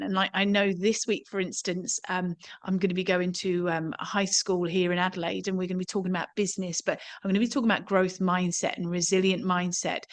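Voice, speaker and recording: A woman's voice: mid-range voice, a bit bright. A woman with an Australian accent hosting a podcast conversation, explaining at length and ending her points with tag questions. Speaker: podcast host.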